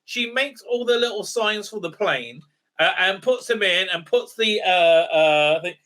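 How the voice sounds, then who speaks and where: A man's voice: high-pitched, lively intonation, measured pace, bright, forceful tone. A man ranting through a sarcastic recap review, rambling with many fillers and tag questions. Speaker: video reviewer.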